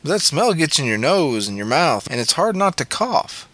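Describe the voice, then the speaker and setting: A man voicing a reckless, morbid teenage boy who talks in an offhand, lively way. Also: fairly high pitch, normal speed, no echo, voice pushed up.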